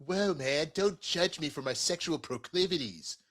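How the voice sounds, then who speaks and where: Male co-host, casual comedic chat, animated, fairly high voice. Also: normal speed. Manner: animated, laughs often. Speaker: podcast co-host.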